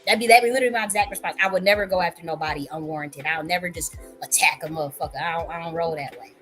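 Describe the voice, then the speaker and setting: Lowish-voiced woman ranting on her livestream, lots of cursing and stuttered repeats, faint music. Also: very fast, fairly bright tone. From Buffalo area, US. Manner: profane, repetitive, emphatic, laughing. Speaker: livestream host. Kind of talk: casual livestream commentary. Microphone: livestream mic.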